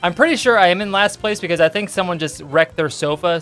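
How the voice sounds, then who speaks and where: A young man from the United States hosting his gaming channel, giving jokey let's-play commentary and bursting into yelps and shouts. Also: sits high, fast, faint music behind.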